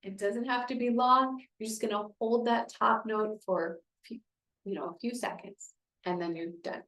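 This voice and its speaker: A woman's voice: fairly high pitch, steady tone, normal speed, a bit bright, echoey room, poor audio. A woman speech therapist leading a group through voice exercises, encouraging and explaining each step.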